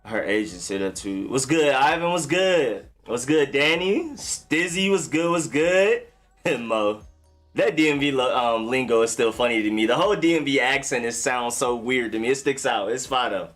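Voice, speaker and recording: A man's voice: mid-range voice, lively intonation, moderate pace, fairly bright tone, soft background music. A young man hosting a football live stream, talking in a loose, slangy, chatty way and greeting viewers by name. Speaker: sports live stream host. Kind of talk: casual live-stream talk.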